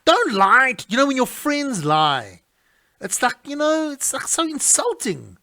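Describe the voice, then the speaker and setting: A middle-aged man hosting a radio show, his voice pitched high for a man and swooping up and down as he talks. He sounds indignant and animated, stumbling and restarting his sentences. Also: measured pace. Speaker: radio host. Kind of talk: casual talk-radio monologue.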